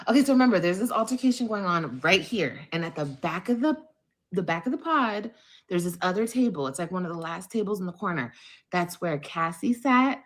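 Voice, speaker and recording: A woman's voice: on the low side, moderate pace. A woman hosting a livestream podcast, telling a story casually, with plenty of profanity, and acting out the things other people said. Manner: animated, profane, acts out quotes.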